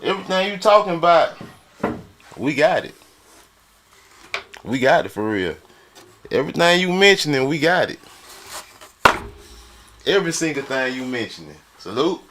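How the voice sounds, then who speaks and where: A man's voice: fairly high pitch, sing-song, moderate pace, pauses often, background noise. A man from Florida on a live stream, arguing heatedly and boasting, with repetitive challenges and frequent laughter.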